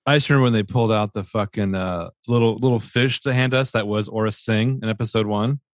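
A man's voice: lowish voice, fairly even intonation, fast, dry recording. A man co-hosting a podcast, chatting casually with profane, exasperated ranting. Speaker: podcast co-host. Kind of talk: casual chat.

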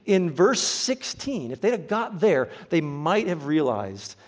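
A man preaches a sermon in an earnest, emphatic way, slowing down to stress key phrases. His voice is on the high side and sing-song.

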